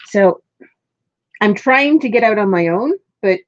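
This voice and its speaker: A woman's voice: medium pitch, animated, measured pace, no echo. A woman chatting casually on a crafting live stream, laughing often between remarks. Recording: dull lo-fi stream audio.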